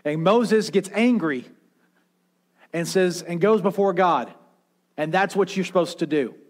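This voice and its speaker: A man pastor preaching a sermon, swinging from intense raised passages to hushed quiet ones and acting out voices as he retells. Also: high voice, measured pace. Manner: preaching with rising intensity and dramatic quiet drops; acts out quoted voices in his retelling.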